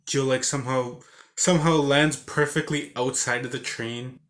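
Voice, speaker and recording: A man talks through a video game's story in a loose, rambling way, full of fillers and false starts. His voice sits at an ordinary middle pitch. Now and then he breaks into growls and sound effects for the characters. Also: steady tone, normal speed, a bit bright. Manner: acts out game characters with grunts and sound effects. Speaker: game reviewer. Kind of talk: casual game recap.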